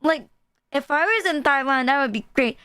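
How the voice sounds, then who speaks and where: High-voiced woman streamer. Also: expressive, normal speed, sharp tone, no echo. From Philippines. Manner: loose, profane, laughing asides. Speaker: VTuber streamer. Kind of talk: casual chat reacting to videos.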